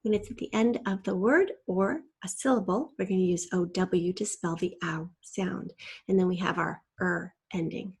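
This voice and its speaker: A woman's voice: medium pitch, vocal fry, a little mellow, breathy edge. A woman teacher giving a patient, step-by-step spelling lesson and spelling out letters from a shared document.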